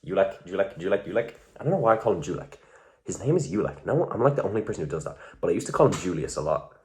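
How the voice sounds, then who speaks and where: A man's voice: low-pitched, very animated, very fast, a little mellow. A young man talking casually in a vlog, rambling, swearing often and poking fun at himself. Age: young adult. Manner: rambling, profane, self-mocking. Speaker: vlogger.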